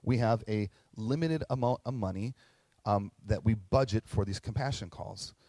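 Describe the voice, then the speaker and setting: Earnest middle-aged pastor, dry close sound. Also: male voice, lowish voice, moderate pace, dark tone, no room sound. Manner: conversational, earnest storytelling with acted quotes. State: tearing up at moments. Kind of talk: sermon.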